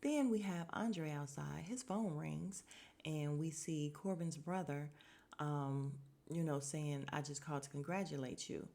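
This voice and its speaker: Low-voiced woman recapping a show. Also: measured pace, creaky. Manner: chatty, expressive, laughs often, slangy asides to listeners. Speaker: podcast host. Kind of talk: casual episode recap.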